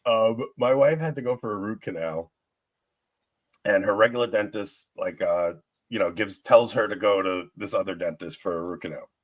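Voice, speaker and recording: A man's voice: fairly low pitch, moderate pace, no echo. A young man co-hosting a casual talk show, telling a story with frequent laughs and joking asides. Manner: laughing often, joking, mimics people in stories. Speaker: podcast co-host.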